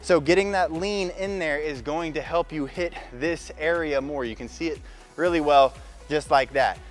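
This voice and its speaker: Faint music plays behind this gym coach, whose voice is a little high and moderately paced. He gives relaxed workout directions while showing the moves, occasionally strained by the exertion.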